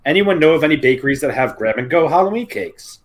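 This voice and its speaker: A man's voice: a little high, animated, quick pace, a crowd in the background. A man co-hosting a podcast, chatting casually, teasing his co-host and reading out posts in a mocking tone. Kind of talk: casual chat.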